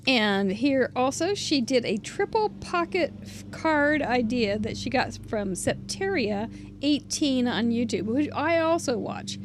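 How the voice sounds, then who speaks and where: A woman hosts a relaxed crafting show-and-tell, her voice sitting a little high. She talks things through aloud and lets many phrases fade off softly. A faint hum of room ambience sits under her voice. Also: a little slow. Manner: chatty, thinks aloud, trails off softly. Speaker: crafting channel host.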